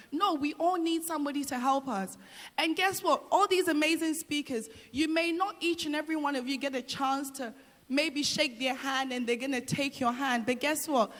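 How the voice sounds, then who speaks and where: A middle-aged woman speaking to a hall in a high voice, giving an encouraging motivational speech. She repeats key phrases for emphasis. Her voice rings with a long hall reverb. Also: a bit bright. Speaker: guest speaker.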